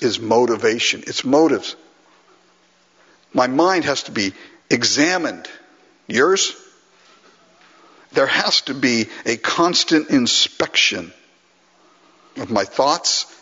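A man's voice: medium pitch, fairly bright tone, breathy edge. A man preaching a sermon to a congregation in a conversational way, with frequent restarts and asides to the listeners. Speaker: pastor. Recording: dull lo-fi recording with long hall reverb.

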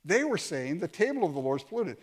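A man's voice: on the high side, very animated, fast, husky. A man preaching a sermon, reading scripture aloud and explaining it with pointed, sarcastic asides.

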